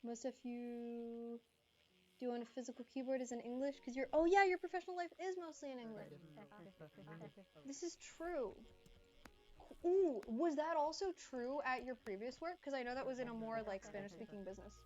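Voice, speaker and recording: A woman streams live, chatting casually with viewers and reading and answering their messages. Her voice is high-pitched and slightly congested, at normal speed, and the sound is lo-fi.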